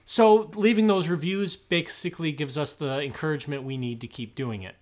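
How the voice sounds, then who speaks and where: A man's voice: on the high side, brisk, darkish tone. A man with an American accent co-hosting a history podcast, easygoing, upbeat and a bit jokey. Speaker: podcast co-host. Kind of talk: casual history podcast chat.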